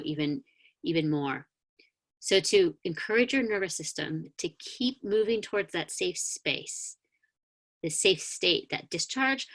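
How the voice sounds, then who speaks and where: A woman minister giving a sermon over a video call, gently guiding a grounding meditation with calm, inviting words and a few soft hesitations. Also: on the low side. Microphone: video call mic.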